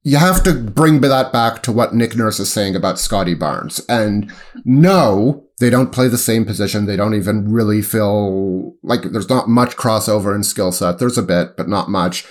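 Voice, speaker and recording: Male co-host, lowish voice, halting casual talk full of ums. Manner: halting, hesitant, lots of ums and self-corrections. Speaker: podcast co-host and sports writer. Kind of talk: casual chat.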